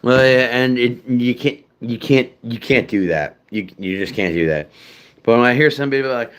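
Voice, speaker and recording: Casual male streamer, middle pitch, meandering and crude, self-mocking chat. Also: moderate pace. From United States. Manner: rambling, profane, self-deprecating, many fillers. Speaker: streamer chatting with viewers.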